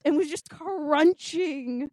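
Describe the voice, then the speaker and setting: A woman's voice: sits high, takes it slowly, darkish tone, dry recording. A woman in her twenties, co-hosting a podcast, telling stories with intense, dramatic passion and acting out quotes. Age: 20s. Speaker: podcast co-host. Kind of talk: casual chat.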